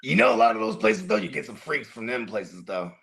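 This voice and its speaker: A man's voice: on the high side, huge pitch swings, fairly quick, creaky, a bit bright, low-quality recording. A man co-hosting a live sports watch party, telling loose, profane, joking stories in casual banter. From California.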